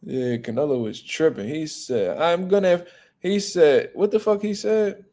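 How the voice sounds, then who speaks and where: A man hosting a boxing talk show, chatting casually in a blunt, profane, animated way. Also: on the high side, measured pace. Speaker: boxing podcast host. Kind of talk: casual chat.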